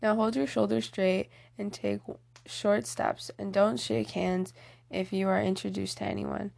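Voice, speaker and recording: A woman's voice: medium pitch, little pitch movement, unhurried, creaky, a little mellow. A woman reading the lines of a fretful, fashion-minded teenage girl in an audiobook, fussy and proper.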